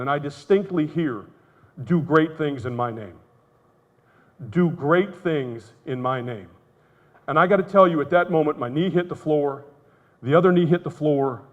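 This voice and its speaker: A middle-aged man giving an earnest, emotional testimony as a conference speaker. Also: fairly high pitch. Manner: earnest storytelling, candid and emotional. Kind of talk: testimony talk. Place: conference hall. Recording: muffled, reverberant hall sound.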